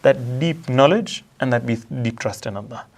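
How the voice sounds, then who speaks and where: A man in a religious discussion, quickly reciting Quranic verses in Arabic and then explaining them in English. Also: medium pitch. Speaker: religious commentator. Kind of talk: discussion analyzing a religious letter.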